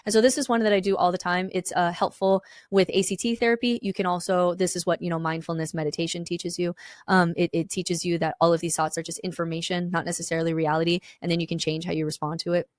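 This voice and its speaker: A woman's voice: on the low side, little pitch movement, fast talker, no echo, studio quality. A woman hosting a podcast, talking candidly and reflectively in casual discussion, now and then swearing. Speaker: podcast host.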